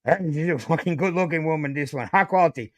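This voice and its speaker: A man guesting on a casual commentary podcast, blunt and emphatic with plenty of swearing. His voice is high for a man. The sound is dry and close. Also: fast, no room sound.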